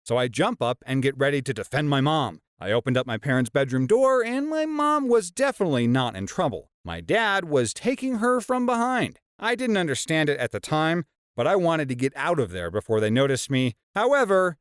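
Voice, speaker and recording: A man's voice: fairly high pitch, very animated, normal speed, smooth, dry recording, clean studio sound. A man reading out internet stories as a channel narrator, with playful dramatic emphasis and sarcastic asides.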